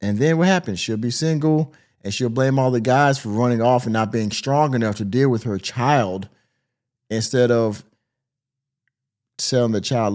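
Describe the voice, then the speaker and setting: A man's voice: mid-range voice, normal speed, a little mellow. Sarcastic male commentary host. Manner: mocking, sarcastic. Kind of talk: reaction commentary.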